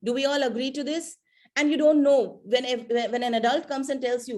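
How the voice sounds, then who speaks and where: A woman's voice: fairly high pitch, fairly quick, darkish tone. A woman giving a keynote talk to teenagers, conversational, often asking the audience questions and using fillers like "you know". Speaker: keynote speaker.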